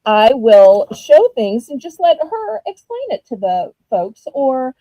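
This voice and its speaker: A woman with a Southern US accent, chatting casually while running a live-stream auction, animated and full of ums. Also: high voice, takes it slowly, no echo, low-quality recording.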